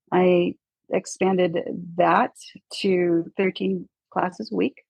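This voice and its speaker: A woman chatting casually as a guest, telling animated stories and mimicking people in hushed voices. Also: fairly low pitch, gravelly, no room sound, highs cut off. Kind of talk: casual chat.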